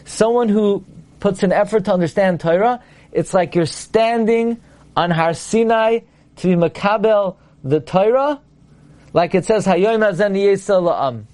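High-voiced man giving a Torah lecture. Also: unhurried, a little mellow. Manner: emphatic, asks listeners rhetorical questions; quotes Hebrew and Aramaic texts, then translates them. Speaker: Torah teacher.

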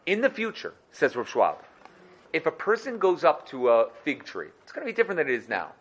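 A man teaching a lively Torah lesson, animated and acting out little scenes. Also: fairly high pitch, fairly quick. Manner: animated, acts out dialogue.

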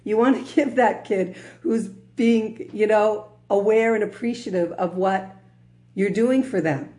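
A woman teaching a religious class in a medium-pitched, conversational voice. She breaks in with humorous asides and often checks in with her listeners. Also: a little slow, dark tone. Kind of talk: religious lecture.

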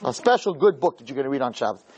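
A man's voice: medium pitch, very animated, rapid-fire, darkish tone, husky, low-quality recording. A man giving a humorous sermon as a rabbi, telling a story with acted-out dialogue and speaking directly to his listeners. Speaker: rabbi teaching a class.

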